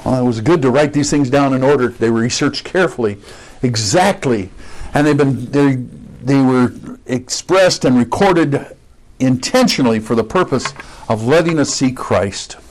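A man's voice: medium pitch, animated, moderate pace, a little mellow, rough recording. A man preaching an expository sermon, stressing key words and putting questions to his listeners.

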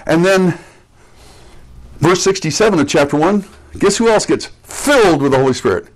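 A man gives a verse-by-verse Bible teaching in a somewhat raised pitch. He stops to explain word meanings and restates his main points for emphasis. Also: animated, normal speed, poor audio. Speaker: pastor.

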